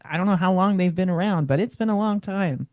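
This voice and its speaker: Appreciative cohost, mid pitch, dry mic, a bit halting. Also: a little mellow, dry recording. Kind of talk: casual interview chat.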